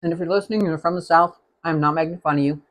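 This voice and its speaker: A man's voice: a little high, steady tone, very fast, a bit bright. A man hosting a live cooking stream, chatting casually and rambling as he tastes the food. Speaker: cooking show host.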